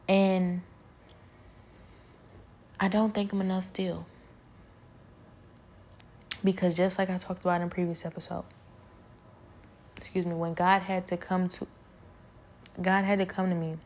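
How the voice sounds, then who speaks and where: A woman talking earnestly about her faith on a podcast, halting often and slipping into soft whispered prayers. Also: fairly low pitch, level tone. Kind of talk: personal faith reflection.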